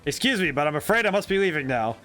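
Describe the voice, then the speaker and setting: A man voicing a flamboyant gentleman thief in a theatrical, grandiose manner for a video game. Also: a little high, sing-song, quick pace, faint music behind.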